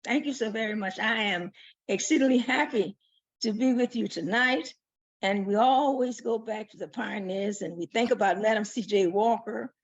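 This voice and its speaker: A woman who leads an organization, speaking as a panel guest over a video call in a gracious, measured, formal way. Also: medium pitch, no echo. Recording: dull, dry, lo-fi call audio.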